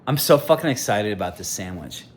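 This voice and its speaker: A man in his fifties, a contractor, swearing constantly in a personal rant to camera, swinging from loud outbursts to quiet musing. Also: fairly low pitch, expressive, a little fast, a little hiss or hum. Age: 50s. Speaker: contractor and aspiring sandwich maker.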